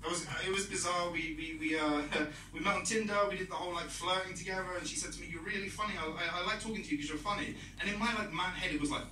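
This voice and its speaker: A man's voice: high voice, steady tone, quick pace, hardly any pauses, pushed and bright, a little hiss or hum. A young British man doing a stand-up comedy set, rambling and self-mocking, acting out quoted dialogue. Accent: British English. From Britain. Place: comedy club stage. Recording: roomy club sound from a distance. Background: audience laughter.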